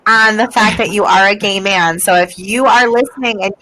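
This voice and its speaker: A woman co-hosting a podcast in casual conversation. She tells personal anecdotes at an easygoing, measured pace and steers the chat along with plain, friendly remarks. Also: medium pitch, bright, forceful tone, a little hiss or hum, rough recording. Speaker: podcast co-host.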